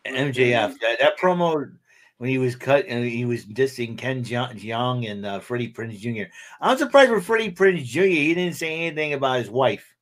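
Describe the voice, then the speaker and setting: A man chatting casually as a podcast panelist, rambling and halting with many fillers. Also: mid-range voice, expressive, fairly bright tone. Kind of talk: casual chat.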